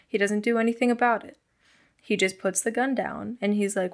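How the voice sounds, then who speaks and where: A young woman, a guest in an interview, frankly recounting her past with blunt, profane, animated storytelling. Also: medium pitch, fairly quick.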